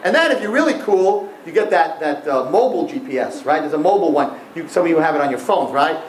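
A man with a high, lively voice gives a humorous religious lecture, swinging his pitch widely and checking in with his listeners. He is recorded in a roomy, echoing space with a faint background hum. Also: quick pace. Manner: animated, repeats "right?" to the audience. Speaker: religious teacher.

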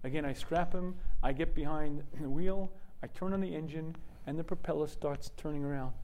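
A man giving a religious lesson through vivid storytelling, often clearing his throat. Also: a little high, normal speed, dark tone, low-quality recording. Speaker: teacher.

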